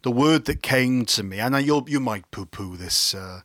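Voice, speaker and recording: Film podcast co-host, English man, wry and meandering, bright voice. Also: mid-range voice, expressive, normal speed. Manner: rambling, self-correcting, wry. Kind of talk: casual film discussion.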